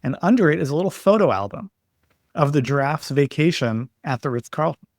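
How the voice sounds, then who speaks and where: A man as a podcast guest, explaining his ideas in a steady way with stories and examples. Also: fairly high pitch, a little fast, no echo, clean studio sound. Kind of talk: explanatory interview talk.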